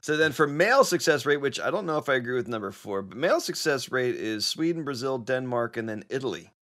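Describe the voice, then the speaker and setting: A man's voice: mid-range voice, animated, fast, a bit bright. A man hosting a casual podcast chat with friends, laughing often and joking loosely. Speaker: podcast host.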